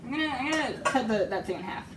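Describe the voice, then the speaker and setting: A woman with a hoarse voice she is losing talks through her baking in a loose, rambling way. Her voice sits a little high and comes from some way off the mic, through lo-fi tablet audio in a roomy kitchen. Pans and cutlery clink behind her. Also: animated, fast talker, recorded from a distance, very noisy. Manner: chatty, rambling, laughs often. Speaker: streamer baking on a live stream. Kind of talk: casual chat while cooking. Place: home kitchen. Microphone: iPad microphone.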